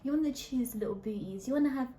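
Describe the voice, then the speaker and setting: Woman, fairly high voice, earnest casual chat, distant mic, roomy, faint noise. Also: fast talker, dark tone. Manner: earnest, explaining herself. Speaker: podcast co-host.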